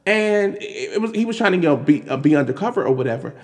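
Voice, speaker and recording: Man, fairly high voice, exasperated casual commentary, restarts, long reverb. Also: fast. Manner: animated, exasperated, many restarts and fillers. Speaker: commentary vlogger.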